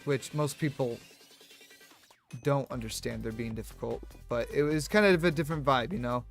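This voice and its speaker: A man streaming, telling a story in a rambling, animated way with many restarts and fillers. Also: medium pitch, moderate pace, creaky, soft background music. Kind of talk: casual storytelling on a live stream.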